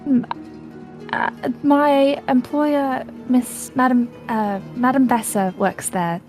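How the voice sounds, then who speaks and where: A woman playing in a tabletop game, talking hesitantly with many pauses and ums. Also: sits high, a little mellow, soft background music. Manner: hesitant, halting, full of ums. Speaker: player.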